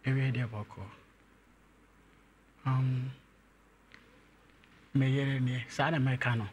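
A young man, an interview guest, telling his own story and growing animated as he recounts events. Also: medium pitch, extremely slow, muffled recording, slight background noise. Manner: animated when retelling events, laughs.

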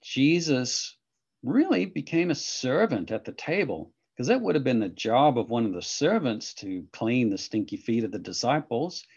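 Man teacher, lively gravelly voice, dull lo-fi call audio. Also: mid-range voice, moderate pace. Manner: enthusiastic, animated, coaxing. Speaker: children's ministry teacher. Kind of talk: online children's lesson.

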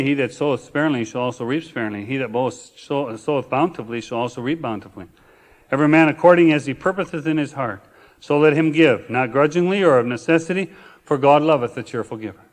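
A male pastor preaching a sermon, reading scripture slowly and building to emphatic repeated phrases. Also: on the high side. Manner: preaching with rising emphatic repetition; reads scripture slowly and deliberately.

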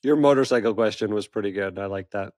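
A man's voice: lowish voice, fast talker, darkish tone, dry recording, clean studio sound. A man with a Canadian accent co-hosting a podcast, playful and teasing in casual chat. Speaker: podcast co-host.

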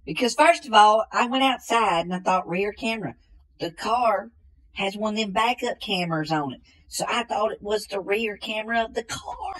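A slow-witted, bumbling country man, played by a woman in a comedy sketch. He talks at an even middle pitch and drawls his way through long rambling stories, leaning again and again on the same folksy catchphrase. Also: close to an everyday voice, rough recording. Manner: drawling, repeats "ain't no way".

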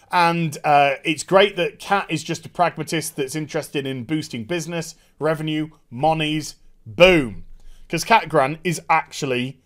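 A man giving a casual, animated and profane TV episode review. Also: fairly high pitch. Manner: animated, profane, quick impressions. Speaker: TV show reviewer.

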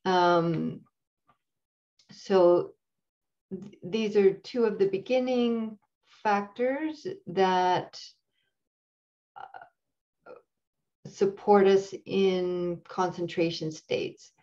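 A woman meditation teacher giving an unhurried dharma talk, often pausing and searching for words with fillers. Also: medium pitch, dark tone. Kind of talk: dharma talk introducing a practice. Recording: dull lo-fi recording.

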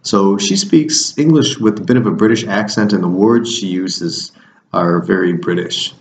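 A man's voice: low-pitched, moderate pace, roomy sound, slight background noise, low-quality recording. A man who coaches fencing, talking through his week in a casual, rambling video diary with many restarts.

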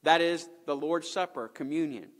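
A man's voice: on the high side, normal speed. A man preaching a sermon in a church, emphatic and repetitive, asking the congregation rhetorical questions. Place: church sanctuary. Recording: echoey church hall.

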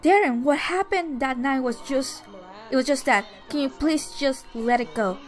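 A woman's voice: high-pitched, moderate pace, soft background music, close to an everyday voice. A woman playing a defensive, evasive young woman. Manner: evasive, dismissive.

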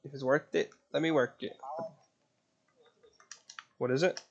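A man's voice: medium pitch, steady tone, measured pace, creaky, muffled recording, slight background noise. A man streaming a game live, grumbling and swearing with sarcasm while chatting to his baby son. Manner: talks to his baby son between tasks. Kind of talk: casual gaming live stream chat.

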